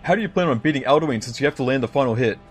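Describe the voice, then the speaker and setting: A young man streams a game with loose, jokey chatter aimed at his viewers, looping back over the same phrases. His pitch sits in a middle range. Soft game music plays faintly behind him. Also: animated, very fast. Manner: rambling, jokey, repeats himself, talks to chat. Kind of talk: casual gameplay commentary.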